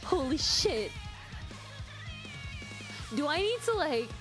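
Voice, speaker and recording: A young woman reacts on a live stream, excitable and full of swearing. Her voice sits fairly high and she drawls her words slowly. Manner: excitable, gushing, swears a lot. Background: faint music.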